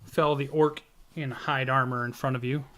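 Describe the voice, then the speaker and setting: A man's voice: medium pitch, steady tone, moderate pace, a bit bright. A man running a tabletop game session as game master, narrating in an easygoing way with frequent filler hesitations.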